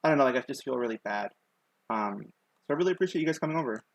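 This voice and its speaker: Man with a lisp, gravelly voice. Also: mid-range voice, lively intonation, racing, no echo, highs cut off. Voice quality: lisp on his S sounds. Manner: rambling, many ums and likes, self-conscious. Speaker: streamer. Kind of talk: casual live-stream chat.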